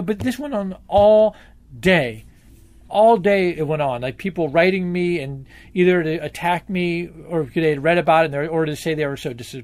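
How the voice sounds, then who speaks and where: A man in a candid interview, talking in long, rambling stretches, with blunt profanity and a forceful edge. His voice sits a little higher than most men's. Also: no echo. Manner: emphatic, profane, rambling storyteller.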